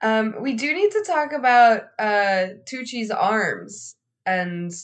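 A woman's voice: on the high side, big pitch swings, takes it slowly. A woman co-hosting a film podcast in casual chat, chatty and laughing often. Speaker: podcast co-host.

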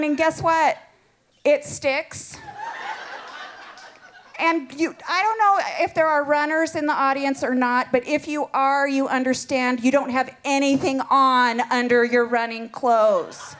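Lady with a high voice doing standup-style storytelling, takes her time, playful and laughing. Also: a little hiss or hum. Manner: animated, playful, laughing through the telling. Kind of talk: live comic storytelling to an audience.

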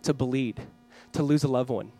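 A pastor in his thirties delivers a Christmas Eve sermon in earnest, reading scripture slowly and acting out family scenes. His voice is medium-pitched and dark in tone, with fairly even intonation. Faint music plays behind him, and the audio quality is poor.

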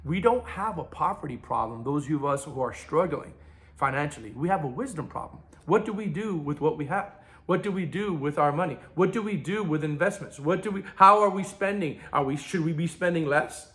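A man preaching a sermon with a bright, forceful voice pitched a little high. He swings between loud, emphatic bursts and quiet asides. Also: lively intonation, fairly quick. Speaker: pastor.

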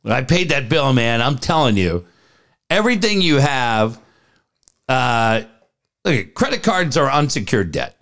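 A man's voice: medium pitch, unhurried, pauses often. A man co-hosting a talk radio show, telling rants and stories full of swearing and reading ads between them. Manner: profane, animated storytelling rants. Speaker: radio co-host. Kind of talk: casual talk radio with live ad reads.

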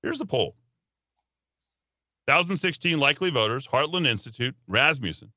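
Animated, sarcastic talk radio man. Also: mid-range voice, moderate pace, pauses often, no echo. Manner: animated, sarcastic and rambling, with mock voices. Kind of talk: opinionated radio commentary. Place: radio studio.

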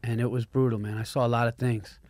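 A man talking fast and loose, piling on clauses and restarts as he tells a story. His voice sits in a middle pitch, and the sound is dry and close to the mic. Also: level tone, a little mellow, no echo. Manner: quick, swearing, storytelling with restarts. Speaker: podcast host. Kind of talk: casual chat.

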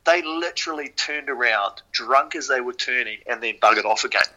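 A man with a New Zealand accent, a podcast guest and former rower, telling stories casually in an animated way, swearing freely and using lots of fillers. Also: mid-range voice, brisk, poor audio. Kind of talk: casual storytelling.

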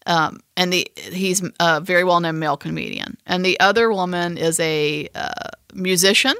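A woman co-hosting a podcast, telling a story in an animated, emphatic way. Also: lowish voice, moderate pace, smooth, no room sound, clean studio sound. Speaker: podcast co-host. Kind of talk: casual chat.

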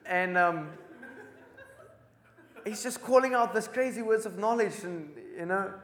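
A man from Africa, telling an animated testimony as a preacher and acting out the dialogue. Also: high voice, a little slow, reverberant. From South Africa. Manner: excitable storyteller who acts out dialogue.

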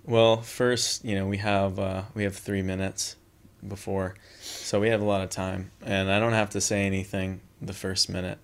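A young man from Southern California, a guest on an interview, recounting events in a relaxed, easygoing way. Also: deep voice, normal speed, creaky, few pauses, clear, resonant tone. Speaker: beach volleyball player and coach, guest. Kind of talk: casual interview storytelling.

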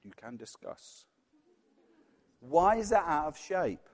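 A man's voice: fairly high pitch, very animated, takes it slowly. A man with a Yorkshire accent preaching a conversational sermon, asking the congregation questions and acting out voices. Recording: long hall reverb.

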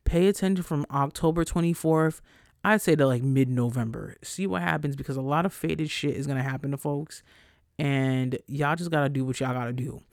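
Profane, animated male podcast host. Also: on the high side, brisk, gravelly, no echo, studio quality. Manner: blunt, profane, animated pep talk. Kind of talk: casual solo podcast talk.

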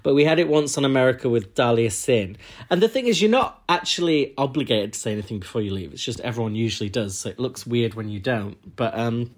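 Guy co-hosting a casual review chat, measured and hedgy, ums a lot. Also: mid-range voice, expressive. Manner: measured, hedging opinions with fillers. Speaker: podcast co-host.

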